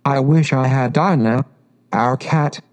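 A man's voice: mid-range voice, slow pace, a little mellow, close to an everyday voice. A man reading a storybook aloud and voicing a polite, curious little girl who speaks earnestly and a little plaintively. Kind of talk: audiobook reading.

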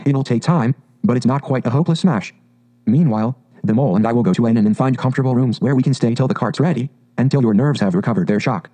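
A man playing a practical storybook water rat who speaks firmly and sternly. The tone is low-key and mellow. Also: quick pace, lightly acted. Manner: firm and stern. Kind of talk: storybook reading.

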